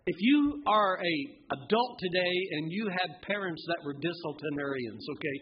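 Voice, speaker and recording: High-voiced fervent preacher man. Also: expressive, moderate pace, dull audio. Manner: fervent, swings from hushed to shouting; asks the congregation rhetorical questions. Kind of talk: sermon. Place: church sanctuary.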